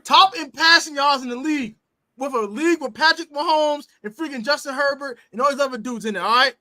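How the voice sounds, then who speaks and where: A man hosting a sports podcast, delivering a loud, emphatic, cursing rant as a fan. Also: very high-pitched, a little fast, dry recording. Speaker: podcast host.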